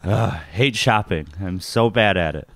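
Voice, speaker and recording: A man's voice: low-pitched, unhurried, a bit bright, no echo, clean studio sound. A young man co-hosting a podcast, telling a story in casual chat, laughing often and swearing freely. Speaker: podcast co-host.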